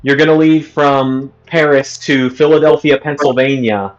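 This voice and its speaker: A man's voice: medium pitch, steady tone, normal speed, highs cut off, natural voice. A man voicing a polite female airline gate agent in a courteous customer-service tone.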